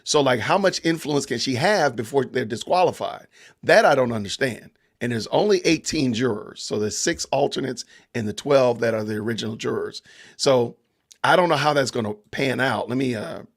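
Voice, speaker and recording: Gravelly Georgia-accented man chatting. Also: mid-range voice, normal speed. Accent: Southern US, Georgia. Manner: laid-back, chatty, greets viewers. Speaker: podcast host. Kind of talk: casual livestream chat.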